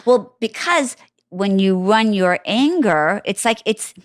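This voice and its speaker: A woman's voice: medium pitch, lively intonation, takes it slowly, no room sound, clean studio sound. A woman guest in a casual interview, telling her story candidly and with animation, with many fillers. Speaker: guest author.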